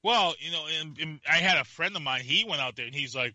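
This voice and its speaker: A man rants through a casual podcast chat in a very bright, forceful voice, cursing freely. His pitch sits a little high and the sound is dry and close. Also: animated, dry recording, lo-fi sound. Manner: ranting, profane, quick to laugh. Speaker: podcast co-host.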